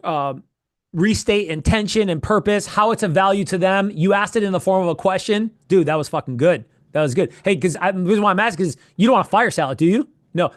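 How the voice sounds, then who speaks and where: Animated, high-voiced sales coach man. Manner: animated, profane, quick bursts of repeated phrases. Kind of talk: coaching feedback in casual chat.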